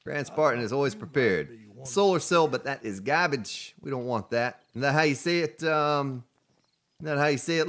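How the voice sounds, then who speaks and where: A man's voice: on the high side, fairly bright tone. A man chatting to viewers while he streams a survival game, joking and commenting as he plays. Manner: chatty, jokey, talks to viewers. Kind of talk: live gameplay commentary.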